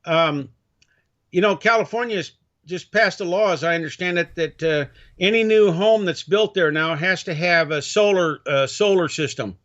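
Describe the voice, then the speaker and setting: Man, halting guest, fairly high voice, dull lo-fi sound. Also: a bit bright. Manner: halting, full of restarts and fillers. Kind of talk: casual chat. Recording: dull lo-fi audio.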